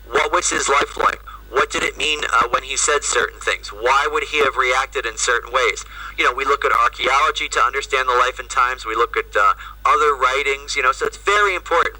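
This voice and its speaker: Male priest, lecturing remotely over a video call, bright, edgy tone, off-mic, chatty with "right?" tags. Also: medium pitch, far from the mic, low-quality recording. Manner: conversational, frequent "right?" and "you know". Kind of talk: lecture to an audience.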